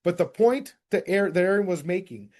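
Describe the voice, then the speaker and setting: Direct, energetic male sales coach. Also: high-pitched, a little fast. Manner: direct, energetic, addresses group as guys. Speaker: real estate sales coach. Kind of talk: coaching session lecture.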